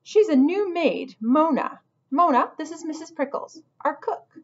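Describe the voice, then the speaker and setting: A woman's voice: sits high, expressive, a little slow, highs cut off, pitched above the performer's own voice. A woman voicing a pompous, grumpy male lizard who works the hotel front desk. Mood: huffy. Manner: huffy, easily offended.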